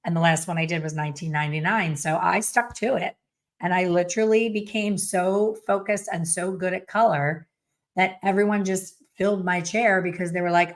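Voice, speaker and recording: A middle-aged woman, a hair colorist, telling a story to viewers in a blunt, animated way with some mild swearing. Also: fairly low pitch, moderate pace.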